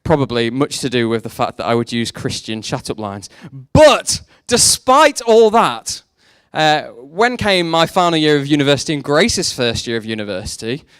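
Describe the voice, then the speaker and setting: A man's voice: mid-range voice, lively intonation, moderate pace, hardly any pauses, a bit bright, clean tone, no room sound, clean studio sound. A young man preaching a sermon, mixing faith talk with self-deprecating jokes about his past. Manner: jokey, self-deprecating storytelling. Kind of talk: sermon with personal stories.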